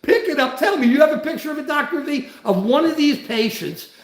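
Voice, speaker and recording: A man's voice: extremely high pitch, animated, fairly quick, echoey room. An older man hosting a political livestream, blunt and ranting, greeting viewers between points. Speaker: livestream host.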